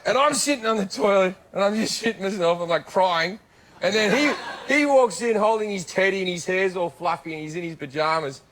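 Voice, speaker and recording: A man's voice: high-pitched, a little fast, fairly bright tone. A middle-aged man with an Australian accent, telling brash comic stories as a talk show guest, laughing and slipping into mock voices. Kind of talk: comic storytelling on talk shows.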